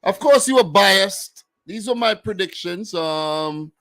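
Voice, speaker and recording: A young man with a New York accent chats about football in a relaxed, slangy way. His voice sits a little high. He sounds close and dry, and he often says things twice. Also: slow pace, no room sound. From United States. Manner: laid-back, slangy, repeats himself. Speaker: football podcast host. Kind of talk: casual chat.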